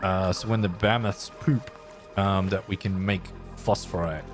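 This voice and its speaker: A man with a low-pitched voice streams a game live, musing aloud over each move and bantering with his chat. Faint music sits quietly beneath his voice. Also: steady tone, unhurried. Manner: thinks aloud while building, chats playfully with viewers. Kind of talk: casual live-stream commentary.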